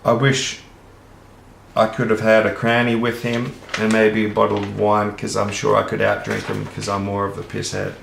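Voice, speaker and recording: Gravelly Australian man rambling earnestly. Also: on the low side, completely flat delivery, normal speed, a bit bright, a little hiss or hum. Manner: earnest, rambling, casually profane. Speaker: vlogger. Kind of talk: rambling monologue to camera. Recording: roomy echo.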